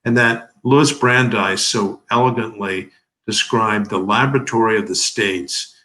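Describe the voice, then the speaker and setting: A man's voice: fairly low pitch, steady tone, a little slow, pushed and bright, poor audio. A man in his seventies giving emphatic, oratorical legal commentary as an interview guest, leaning on rhetorical questions. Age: 70s.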